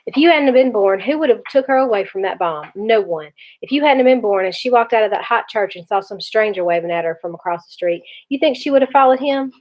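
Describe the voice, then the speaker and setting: A woman reading aloud, voicing a gruff older teenage brother who is blunt but protective. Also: mid-range voice, lively intonation, fast, hardly any pauses, lightly acted. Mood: scolding. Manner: blunt, scolding. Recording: dull lo-fi recording.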